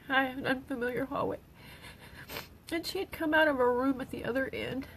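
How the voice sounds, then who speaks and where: A middle-aged woman, tearful, speaking haltingly on an emotional personal livestream as a grieving mother. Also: high voice, vocal fry, a bit bright, slightly rough, poor audio. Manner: halting, with pauses and restarts. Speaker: grieving mother sharing her daughter's story.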